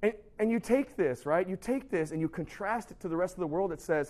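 A man's voice: high-pitched, brisk, a little mellow. A man giving an informal sermon, telling a story with lots of fillers and restarts, and acting out the people in it. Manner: acts out quoted people in the story. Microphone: recorded live, speaks to a sound tech.

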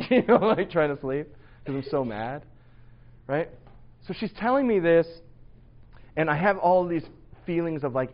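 A man, a pastor in his thirties, preaching in a casual, candid storytelling way with lots of filler words and tag questions. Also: mid-range voice. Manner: candid, rambling, lots of "like" and "right?". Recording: slightly dull lo-fi sound.

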